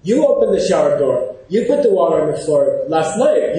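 A man giving an informal, animated lecture, often pausing to check in with his class. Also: high voice. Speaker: teacher. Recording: very echoey room.

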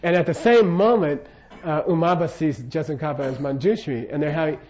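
Older guy giving a laid-back dharma talk, kinda high voice, keeps asking okay?, muffled old tape sound. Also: a little fast, darkish tone. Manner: casual, jokey, keeps checking in with the audience. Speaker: Buddhist teacher. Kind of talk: informal dharma lecture. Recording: dull lo-fi lecture recording.

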